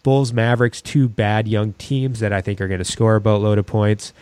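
A man's voice: lowish voice, flat delivery, moderate pace, darkish tone, smooth, no echo. A man co-hosting a casual sports podcast, talking in a rambling way with many restarts. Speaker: podcast co-host.

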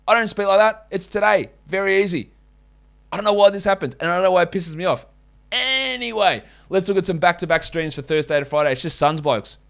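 A man's voice: on the high side, fairly bright tone. A man with an Australian accent hosting a solo sports podcast in a casual, blunt, opinionated way, swearing now and then. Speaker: fantasy basketball podcast host.

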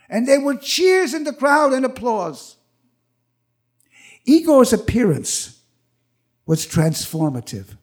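Older man telling a story on stage, high voice. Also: moderate pace. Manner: animated, acts out quoted voices. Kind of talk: live personal storytelling. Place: stage at a live event.

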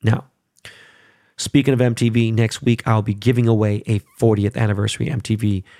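A middle-aged man hosting his own podcast in casual chat, rambling and profane, and he gets loud and worked up. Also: on the low side, little pitch movement, brisk, gravelly, no room sound, clean studio sound. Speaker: podcast host.

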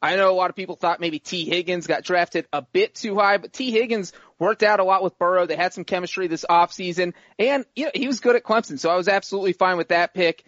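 The high-pitched, somewhat bright voice belongs to a man who co-hosts and grades on a sports podcast. He chats playfully, wanders a bit, and jumps to defend his picks, and the audio is dull with no echo.

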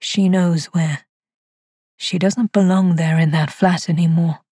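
A woman voicing a dead man's ghostly voice on the phone, slow, low and menacing. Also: steady tone, dark tone, breathy edge, dry recording, studio quality. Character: ghostly dead man on a crackling phone line.

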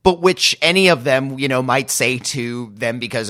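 A man's voice: medium pitch, unhurried, bright, forceful tone. A man co-hosting a podcast, chatting casually in a wry, amused way. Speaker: podcast co-host reviewing TV episodes. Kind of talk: casual critical chat.

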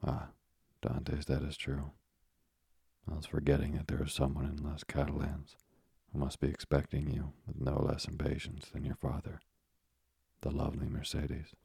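A man reading the part of a kindly, fatherly middle-aged ship owner in a calm storybook voice. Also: a bass voice, moderate pace, creaky, husky, no room sound, clean studio sound, heavily acted. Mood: genial.

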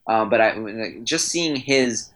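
A man chatting casually as a podcast guest, an animated, rambling fan who restarts his sentences. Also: fairly low pitch, slow, low-quality recording. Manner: animated, rambling, self-interrupting storyteller; enthusiastic fanboy. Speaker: trading card company guest.

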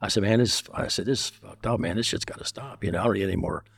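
A man's voice: on the low side, fast talker, vocal fry, husky, no room sound. An older man telling stories bluntly and with a lot of swearing, acting out what people said. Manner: blunt and profane, telling stories with quoted dialogue. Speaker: interview guest. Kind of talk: casual storytelling.

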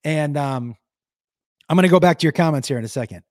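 A man's voice: a little high, fast, a little mellow, no echo, studio quality. A middle-aged man ranting on a casual livestream, telling a story and reading viewer comments with blunt, profane emphasis.

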